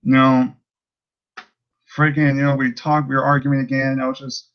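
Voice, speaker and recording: A man's voice: medium pitch, flat delivery, moderate pace. Rambling exasperated man, lo-fi sound. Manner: rambling, exasperated, many restarts and fillers. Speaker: YouTuber ranting about a commenter. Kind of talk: casual vlog rant.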